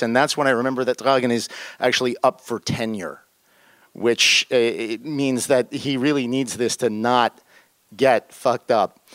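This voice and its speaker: A young man from northern New Jersey telling a personal story to an audience, jumping into higher voices for the people he quotes. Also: no room sound. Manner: animated, leaps into high voices for quoted people.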